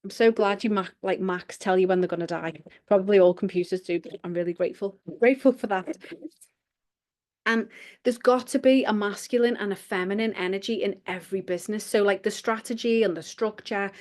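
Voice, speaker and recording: A woman's voice: mid-range voice, steady tone, a little fast, a little mellow. A woman, a coach giving a live online workshop in a chatty, giggly, self-deprecating way with casual swearing. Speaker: business coach.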